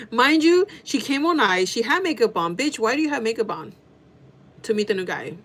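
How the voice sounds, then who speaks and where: A woman in her thirties telling a workplace story to her viewers in a casual, animated, gossiping way. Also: a little high, fairly quick. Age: 30s. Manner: animated gossiping with frequent swearing and laughter. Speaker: vlogger.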